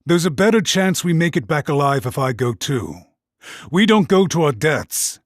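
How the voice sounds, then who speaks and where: Man reading stern soldier, firm and clipped, slightly raised pitch. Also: expressive, normal speed, no room sound, clean studio sound, close to an everyday voice. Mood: resolute.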